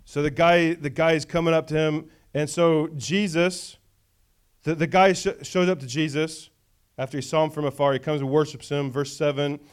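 A man's voice: on the high side, steady tone, normal speed, clean tone. A male pastor preaching a conversational sermon, often checking in with the congregation.

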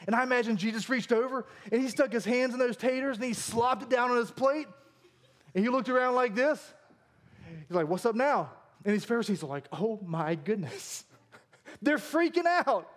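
A high-pitched male pastor preaching a sermon. He tells stories with animated, humorous energy, mixing jokes with earnest points. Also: brisk.

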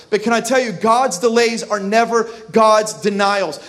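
A man's voice: high-pitched, unhurried, hardly any pauses, a bit bright. A male pastor giving an impassioned sermon, calling out to the congregation to repeat words and answer back. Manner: impassioned preaching with call-and-response.

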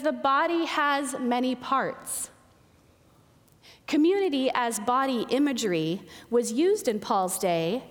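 A woman preaching a sermon in a church. She speaks in slow, deliberate phrases with emphatic pauses. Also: a little high, big-room sound. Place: church sanctuary. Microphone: pulpit microphone with feedback.

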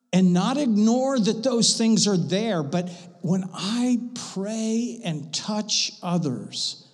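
A man preaching a sermon to his church, swinging from loud passionate bursts to hushed, intimate lines. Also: high-pitched, breathy edge, in a large hall. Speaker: pastor. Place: church sanctuary.

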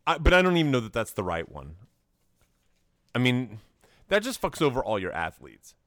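A man co-hosting a podcast in casual chat, sarcastic and quick to swear. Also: medium pitch, wildly swooping pitch, fairly bright tone, no echo, studio quality. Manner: exasperated, sarcastic, swears freely. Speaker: podcast co-host.

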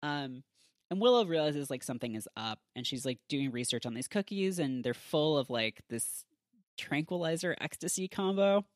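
Podcast host rambling through a recap, lots of likes and ums, mid-pitched voice, dry close sound. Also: expressive, normal speed, dry recording. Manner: chatty, heavy on filler words. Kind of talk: casual episode recap.

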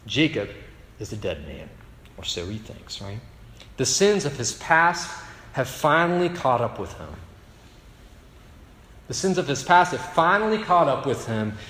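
A man's voice: mid-range voice, very animated, a little slow, fairly bright tone, slight background noise. A male pastor telling a story in a sermon, conversational with rhetorical asides. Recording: echoey hall reverb.

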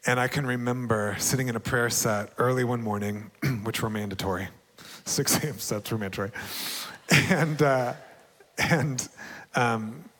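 A young man giving a sermon testimony in an earnest, personal way, laughing often between thoughts. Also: medium pitch. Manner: earnest, laughs often, bursts into excited shouting. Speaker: preacher. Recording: long hall reverb.

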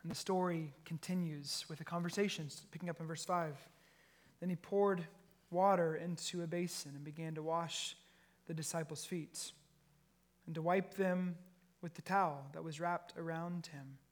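A man's voice: a little high, steady tone, moderate pace. A man preaching a sermon, reading scripture and then explaining it, his voice rising when he acts out the quotes. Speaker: pastor.

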